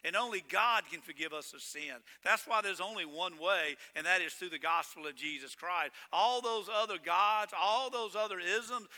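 A man preaching a sermon as pastor, swinging between loud emphatic lines and hushed ones. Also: high-pitched, in a large hall.

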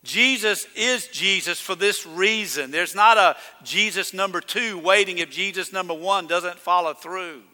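A high-voiced man preaches with a bright, ringing edge to his tone. He talks emphatically and builds to loud, declaring peaks. His voice carries a long reverb from a church sanctuary. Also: measured pace, hardly any pauses. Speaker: pastor. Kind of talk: sermon.

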